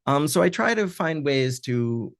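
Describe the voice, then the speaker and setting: A man who translates old pulp fiction, giving an online talk in a thoughtful, hesitant way with many pauses and fillers, heard over a video call. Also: a little high, big pitch swings, gravelly, dry recording, clean studio sound. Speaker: translator leading a community reading. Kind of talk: online lecture with reading.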